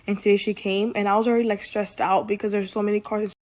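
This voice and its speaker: A woman's voice: mid-range voice, little pitch movement, fast talker, a little mellow. Young woman, casual vlogger, rambling anecdote, lots of "like" fillers. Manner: rambling, heavy use of "like". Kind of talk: casual storytelling vlog.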